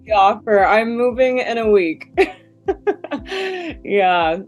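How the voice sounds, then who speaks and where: A woman's voice: medium pitch, slow, faint music behind. A woman joining a coaching webinar by video call, talking in a chatty, thankful way.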